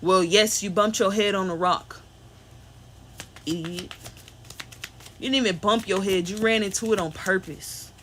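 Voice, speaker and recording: A woman's voice: mid-range voice, brisk, few pauses, fairly bright tone, a little hiss or hum. Woman venting in a slangy monologue. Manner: emphatic, rambling, slangy, with blunt insults. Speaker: spiritual reader.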